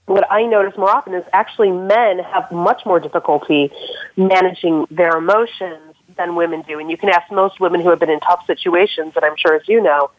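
A woman's voice: fairly low pitch, no room sound. Female career coach, earnest, explains in steps; phone-line audio, dry. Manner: earnest, advice-giving, explains step by step. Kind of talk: podcast interview answer.

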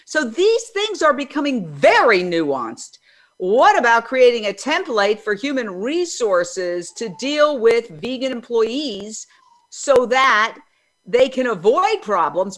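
A woman in her sixties hosting an interview, loud and chatty, telling stories as she goes. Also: a little high, sing-song, slow. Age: 60s. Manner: loud, chatty, self-described loudmouth. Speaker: interview host. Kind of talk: conversational interview.

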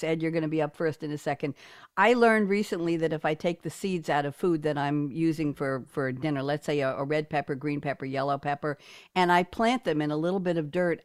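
A woman hosting a podcast, telling chatty stories and joking with her guests in an animated way. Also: low voice, no room sound, clean studio sound. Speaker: podcast host. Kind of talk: casual interview chat.

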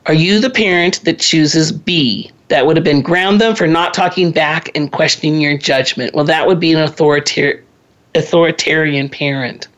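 A woman's voice: low voice, normal speed, lo-fi sound. A woman in her sixties hosting a parenting talk, giving a conversational lecture with chatty asides and personal stories. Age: 60s. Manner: chatty, drifts into personal anecdotes and laughs at herself.

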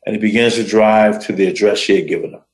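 A man hosting a show, telling a motivational story in short phrases with dramatic, deliberate pauses. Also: lowish voice, steady tone, darkish tone, echoey room, low-quality recording. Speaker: host.

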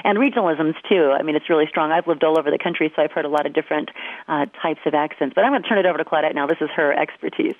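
A woman's voice: low-pitched, very fast, no echo. A woman performance coach with a General American accent, telling stories in a chatty way. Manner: storytelling, chatty. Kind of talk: casual radio chat. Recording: dry phone-line radio sound.

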